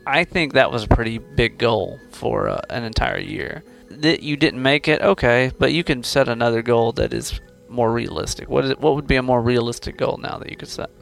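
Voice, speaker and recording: In a conversational coaching interview, a host keeps prodding his student with questions, playful yet encouraging. His middling-pitched voice has a gravelly creak, and he speaks fairly quickly with hardly any pauses. Faint music plays quietly underneath.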